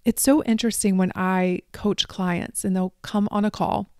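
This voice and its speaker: A woman life coach hosting a solo podcast, talking straight to her listeners and dropping into soft asides. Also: mid-range voice, steady tone, normal speed, clean tone, no echo, clean studio sound. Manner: addresses listeners directly, drops into soft asides.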